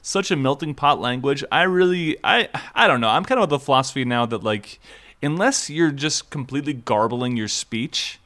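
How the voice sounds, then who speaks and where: Male podcast co-host from Minnesota, 30s: animated, lively pitch, quick to laugh, casually profane. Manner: laughs often, swears, animated. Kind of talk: casual chat.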